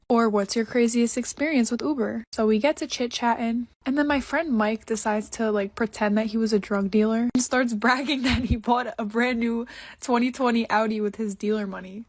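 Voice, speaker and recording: A woman's voice: mid-range voice, darkish tone. Young woman telling a casual storytime. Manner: laid-back, conversational, laughs easily. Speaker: storytime TikToker.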